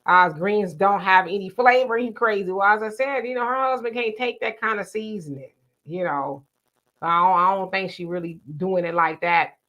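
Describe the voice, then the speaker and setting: A woman's voice: medium pitch, moderate pace, pushed and bright. A woman co-hosting a casual live discussion, reading viewer comments aloud and answering them conversationally. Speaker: livestream co-host reading chat.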